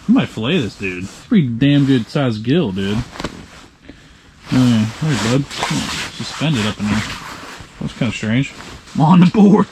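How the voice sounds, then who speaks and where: A man vlogging while he ice fishes from a shelter, excitable and swearing casually, talking to his viewers. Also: medium pitch, slight background noise. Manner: excitable, swears, says dude a lot. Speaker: fishing vlogger. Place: ice fishing shelter on a frozen lake.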